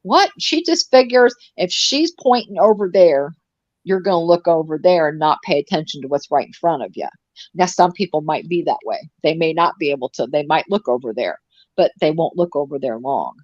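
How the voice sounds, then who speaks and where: A woman's voice: low voice, lively intonation, moderate pace, a little mellow, dry recording. A middle-aged woman in casual live-stream chat, rambling and sarcastic with many restarts. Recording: dull, dry lo-fi stream audio.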